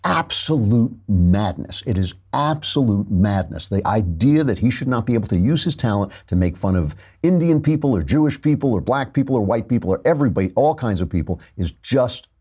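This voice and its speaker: A man hosting a talk show speaks in a low, mellow voice with a husky grain. He rambles through an opinionated studio monologue and pokes fun at himself along the way. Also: lively intonation, fairly quick, hardly any pauses. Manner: wry, digressive, self-mocking.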